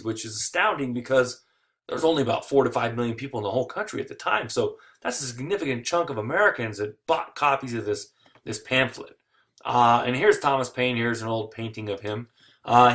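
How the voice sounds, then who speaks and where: A man giving a recorded history lecture, lively and digressive, with jokey asides. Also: mid-range voice.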